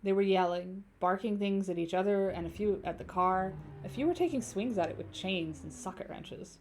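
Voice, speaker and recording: A woman's voice: mid-range voice, normal speed, a little mellow, slight background noise. A young adult woman streaming a story game, reading narration aloud and chatting casually with viewers, cursing freely. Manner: casual, swears freely, chats with viewers between passages.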